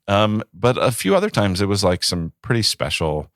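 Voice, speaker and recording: A man in his thirties, a pastor, talking in a relaxed podcast conversation and telling stories with acted-out quotes. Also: on the low side, moderate pace, no room sound, studio quality. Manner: reflective, storytelling with acted quotes.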